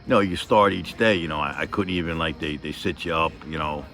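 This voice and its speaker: A man's voice: extremely low pitch, a little fast, sharp tone, faint music behind. A man telling a personal story in a casual, rambling, emotional way, swearing heavily and leaning on fillers.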